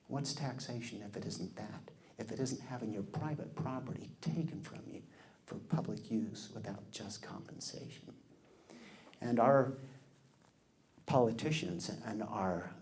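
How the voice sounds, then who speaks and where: A man tells a story from the podium, his voice mellow and warm. He is animated, dropping into the voices of people he quotes. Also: medium pitch, a little slow. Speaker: public speaker. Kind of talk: storytelling speech.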